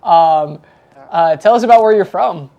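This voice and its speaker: A man's voice: high voice, measured pace, gravelly, dark tone, muffled recording. A man hosting a livestream, chatty and upbeat, introducing the guest. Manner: upbeat, chatty, laughs easily. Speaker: show host. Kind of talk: casual livestream chat. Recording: faint background noise.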